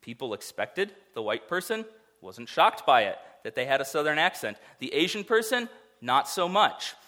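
A man's voice: a little high, sing-song, normal speed, sharp tone. A man preaching a sermon to his church in a conversational way, with rhetorical asides to the congregation. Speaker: pastor.

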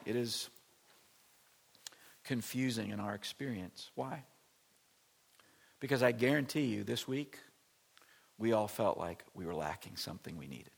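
A man preaching a sermon in church, emphatic, with dramatic swings from loud declarations to hushed near-whispers. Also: medium pitch, vocal fry, breathy edge. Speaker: pastor.

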